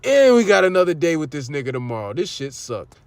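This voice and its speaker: A man teaching a religious lesson on a livestream in a loud, angry, profane rant. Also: a little high, sing-song, brisk, no echo.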